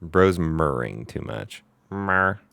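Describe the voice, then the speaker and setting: A man's voice: very deep voice, expressive, unhurried, creaky, faint music behind. A man streaming his reactions to a reality show, blunt and incredulous, swearing casually.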